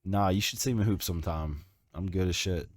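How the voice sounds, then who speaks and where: A man's voice: low-pitched, brisk, dry recording, studio quality. A man co-hosting a livestreamed podcast, talking in a playful, slangy, teasing way. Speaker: podcast co-host. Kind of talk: casual livestream chat.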